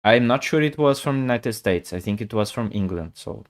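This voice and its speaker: A man's voice: medium pitch, animated, moderate pace. Man in his forties, casual chess streamer, rambles and repeats himself. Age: 40s. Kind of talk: casual live-stream chat.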